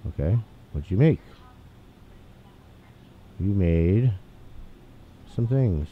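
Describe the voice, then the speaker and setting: A man casually commenting on a game he is playing, chatty and excitable, reading the on-screen text aloud. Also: sits low, drawn-out words. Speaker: gaming channel host. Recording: tinny phone-like mic, faint hiss.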